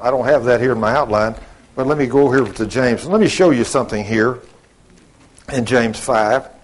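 A man's voice: medium pitch, normal speed. A middle-aged man preaching a sermon, telling folksy stories and acting out both sides of the conversations.

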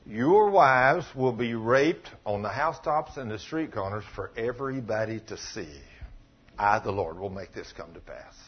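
A man preaching a sermon, retelling a story, dropping to low murmurs and rising to loud exclamations. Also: expressive, normal speed, breathy edge. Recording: dull lo-fi recording.

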